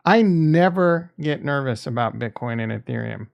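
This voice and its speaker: A man's voice: medium pitch, animated, moderate pace, vocal fry, dull audio. A man hosting a crypto investing channel, talking in a candid, rambling way that is casual and peppered with swearing.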